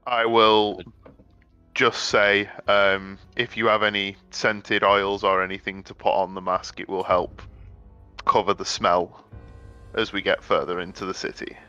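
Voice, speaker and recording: A man slowly and evenly describes what his character does at the table, in a smooth, bright voice. His mic sounds dull and lo-fi. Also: lowish voice, level tone, soft background music. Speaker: player. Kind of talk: playing a tabletop game.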